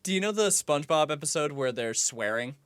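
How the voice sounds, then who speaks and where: A man co-hosting a podcast in casual comedic chat, telling stories in a relaxed way with dry asides. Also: a little high, fairly quick, clear, resonant tone, no echo. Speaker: podcast co-host.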